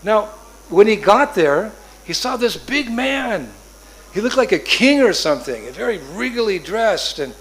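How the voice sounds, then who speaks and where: A man preaching a sermon as an animated storyteller, narrating a sacred story and acting out its voices. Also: sits high, slight background noise.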